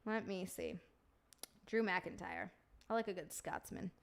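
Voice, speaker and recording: A woman's voice: medium pitch, steady tone, unhurried, vocal fry. A young woman live streamer in casual, profane, bubbly banter with her viewers.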